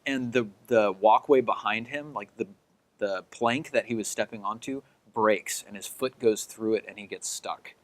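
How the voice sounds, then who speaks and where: A man's voice: fairly low pitch, moderate pace. Man narrating a tabletop game as game master. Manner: loose, filler-heavy description peppered with "like".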